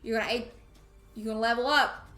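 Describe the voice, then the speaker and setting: A woman's voice: a little high, steady tone, fairly quick, bright, forceful tone, reverberant, faint music behind. A woman playing a life simulation game, chatting playfully and scolding her characters. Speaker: gamer streaming a life sim. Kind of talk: casual let's play commentary.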